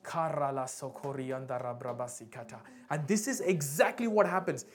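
Man preaching with loud bursts and hushed asides. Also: mid-range voice, a little fast. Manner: emphatic preaching with sudden loud peaks and hushed drops; asks the congregation for responses. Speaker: pastor. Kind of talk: sermon.

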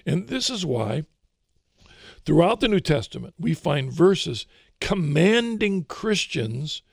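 A man talking through Christian ideas in a relaxed discussion, thoughtful and often repeating words as he searches for phrasing. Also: a little high, takes it slowly, creaky, no echo, studio quality. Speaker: author and co-host of a faith discussion. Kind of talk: casual religious discussion.

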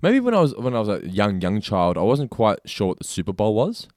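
Australian male co-host, low-ish voice, quick and animated, dry studio sound. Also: dry recording. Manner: animated storyteller, acts out his own thoughts. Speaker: podcast co-host. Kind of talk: casual chat.

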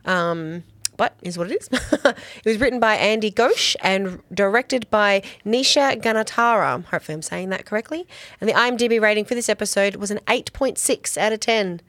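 A woman's voice: medium pitch, moderate pace, a bit bright, dry recording. Giggly woman podcast co-host, dry sound. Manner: laughs often, reads episode facts aloud. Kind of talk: casual chat.

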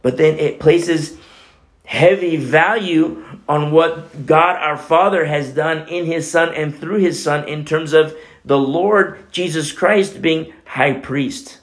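A man preaching a Bible teaching sermon as a pastor, talking conversationally with frequent "you know" asides. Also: on the high side.

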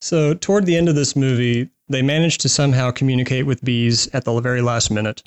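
A man's voice: mid-range voice, steady tone, fairly quick, clear, resonant tone. Podcast host, man, rambling wry movie recaps, casual chat.

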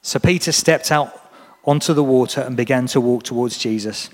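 A man's voice: mid-range voice, normal speed. A man preaching a sermon in a church, talking earnestly and encouragingly to the congregation. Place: church hall. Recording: long reverb of a church hall.

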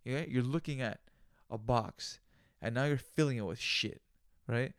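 A man's voice: mid-range voice, a little slow, no echo, studio quality. A man hosting a solo podcast, talking in a loose, profane, rambling rant. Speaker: podcast host.

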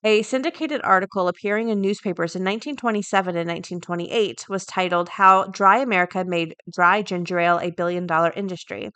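A woman hosting a daily podcast, chatting casually and reading an article aloud, thinking out loud as she goes. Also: lowish voice, steady tone, fast talker, hardly any pauses, clear, resonant tone, dry recording. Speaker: podcast host.

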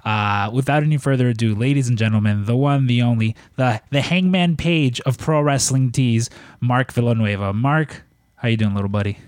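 A man's voice: medium pitch, moderate pace, a little mellow, no room sound, studio quality. A man co-hosting a podcast, talking casually with lots of fillers and long run-on intros. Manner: rambling, filler-heavy intros. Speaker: podcast co-host.

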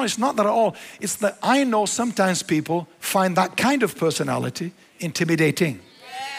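A pastor preaching a sermon, animated, dropping to quiet low asides and then rising to emphatic lines. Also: male voice. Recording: long hall reverb.

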